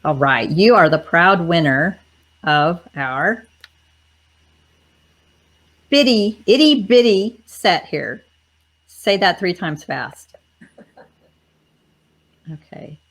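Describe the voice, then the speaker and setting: Woman hosting a livestream, slightly low and chatty, voice starting to crack. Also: animated, drawn-out words, pauses often, fairly bright tone. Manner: chatty, upbeat, talks to viewers directly. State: voice cracking and tiring. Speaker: host. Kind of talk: casual livestream chat.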